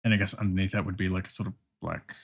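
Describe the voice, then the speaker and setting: A young Australian man streaming while he draws, thinking out loud in casual chat, laughing often and swearing freely. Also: low-pitched, steady tone, racing, creaky.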